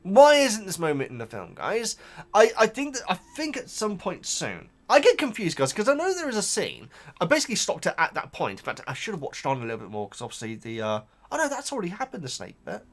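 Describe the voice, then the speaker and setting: Animated, excitable man talking to viewers. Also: high-pitched, quick pace. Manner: chatty, talks straight to viewers, excitable. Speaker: channel host reacting to a book. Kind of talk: casual reaction vlog.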